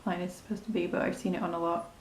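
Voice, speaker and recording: A woman's voice: fairly low pitch, little pitch movement, racing, reverberant, a little hiss or hum. A woman talking through a makeup tutorial in a chatty, rambling, self-deprecating way. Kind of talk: casual step-by-step tutorial narration.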